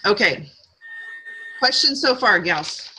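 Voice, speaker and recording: A woman's voice: medium pitch, animated, slow pace, sharp tone, slightly rough, soft background music, rough recording. A middle-aged woman leading a live sales training session, upbeat and coaching, drawing call-and-response from her group.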